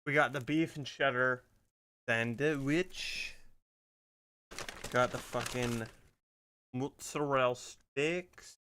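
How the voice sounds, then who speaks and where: A man's voice: medium pitch, slow pace, pauses often, bright, forceful tone, slight background noise. A young man streaming games at home into a desk microphone, chatting casually and swearing often. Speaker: gaming streamer. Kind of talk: casual gameplay chat.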